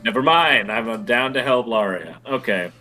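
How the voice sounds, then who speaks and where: Man, tabletop player, bright sharp voice, joking, faint music. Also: medium pitch, normal speed. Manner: animated, joking. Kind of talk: tabletop role-play.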